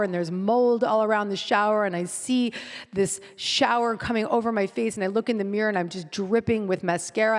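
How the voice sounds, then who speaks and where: A woman in her forties, her mid-pitched voice carrying through the long reverb of a live hall. She hosts the session and tells a personal story to the audience in vivid present tense. She keeps circling back and repeating key phrases. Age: 40s. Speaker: host.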